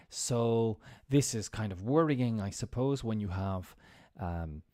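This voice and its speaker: A man hosts a casual live English lesson, reading out the news and breaking down hard words by repeating and spelling them. His voice sits low and mellow. The sound is close and dry, with no room around it. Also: no echo. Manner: talks to viewers while fumbling with the screen. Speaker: English teacher hosting a live stream.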